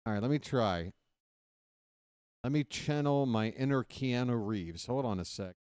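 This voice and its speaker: A man's voice: medium pitch, a little slow, darkish tone, smooth, no room sound, clean studio sound. A man hosting a baseball play-by-play livestream, chatting casually with viewers after the game and calling them folks. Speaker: play-by-play host.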